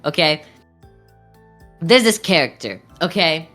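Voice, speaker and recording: A woman's voice: deep voice, big pitch swings, takes it slowly, fairly bright tone, soft background music. A young woman streamer chatting casually while drawing, rambling and giggly with lots of fillers.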